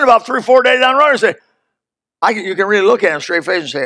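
Older male pastor, gravelly and bright, high voice, folksy pulpit delivery that rises to shouts and drops to murmurs. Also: big pitch swings, fast. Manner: folksy, swings from loud and high to low and hushed. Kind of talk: sermon.

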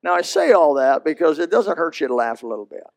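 Male pastor, sermon, high-pitched voice, storytelling, repeats for emphasis. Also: very animated, quick pace.

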